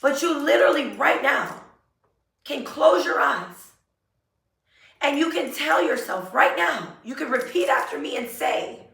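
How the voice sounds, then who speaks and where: A woman giving an earnest, emotional motivational talk, repeating affirmations slowly. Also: high-pitched, animated, gravelly, a bit bright. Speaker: self-help vlogger. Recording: roomy echo, a bit far from mic.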